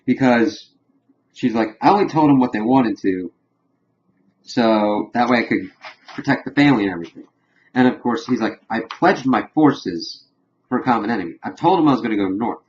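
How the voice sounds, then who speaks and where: A man's voice: medium pitch, normal speed, highs cut off. A young man casually recapping and reviewing a TV episode, retelling scenes and briefly voicing characters' lines. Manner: animated retelling, lightly acting out characters' lines. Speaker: TV show reviewer.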